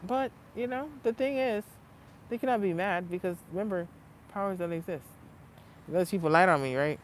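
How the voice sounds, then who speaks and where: A woman vlogging in a casual rant, blunt and profane, swinging between low muttering and loud heated outbursts. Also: normal speed, a little hiss or hum, poor audio. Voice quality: blunt, heavily profane street talk. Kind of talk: casual unscripted vlog rant.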